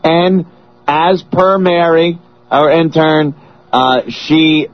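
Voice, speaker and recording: A man's voice: a little high, extremely slow. A man hosting a radio show, bantering casually with a sore, strained voice and frequent laughs, on a dull broadcast.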